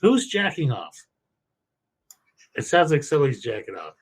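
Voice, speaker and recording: A man with a slightly raised pitch co-hosts a casual podcast. He rambles through instructions, swearing for emphasis and correcting himself as he goes. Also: very animated, normal speed, slightly rough. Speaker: podcast co-host. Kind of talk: casual profane chat.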